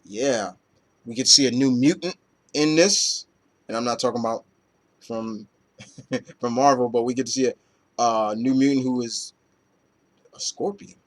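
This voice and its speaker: A man's voice: medium pitch, moderate pace, long pauses. Rambling casual comic reviewer, man. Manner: rambling, loose, lots of fillers and casual swearing. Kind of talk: casual chat.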